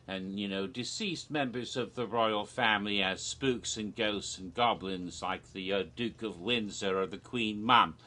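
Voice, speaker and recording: A man joking his way through a rambling, deadpan comedic monologue, with frequent restarts. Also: lowish voice. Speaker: video creator. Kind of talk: comedic monologue of made-up haunted houses.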